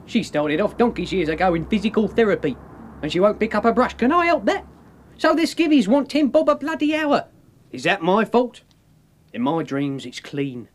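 A man's voice: high-pitched, animated, moderate pace, slight background noise. An actor playing a scheming small-time health entrepreneur, full of grand dreams and salesman's patter. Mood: grandiose.

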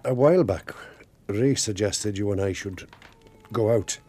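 A tender older man, soft-spoken and earnest. His voice is very low, dark and husky. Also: measured pace. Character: gentle older Welsh man, wistful and romantic.

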